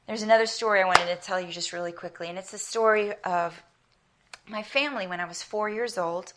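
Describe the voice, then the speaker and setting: A woman's voice: mid-range voice, brisk, a bit bright, slight background noise. A middle-aged woman from South Africa with an American accent, preaching an earnest sermon built on personal stories. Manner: earnest, emphatic, storytelling.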